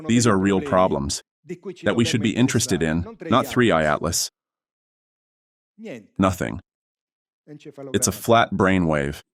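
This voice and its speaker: A man's voice: low voice, expressive, takes it slowly, long pauses. Indignant Italian man ranting on stage. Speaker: conference speaker. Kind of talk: impassioned lecture. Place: theatre with audience.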